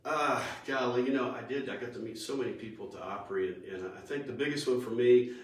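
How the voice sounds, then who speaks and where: A man's voice: medium pitch, fast. A man who is a country singer, telling stories in a folksy, stop-and-start way during a casual interview. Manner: folksy storyteller with many restarts. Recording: echoey room, far from the mic.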